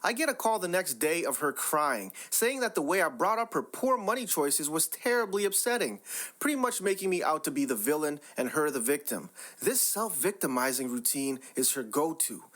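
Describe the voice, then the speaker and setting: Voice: mid-range voice, sing-song, moderate pace, a bit bright. A story narrator reading online posts aloud in a wry, exasperated tone.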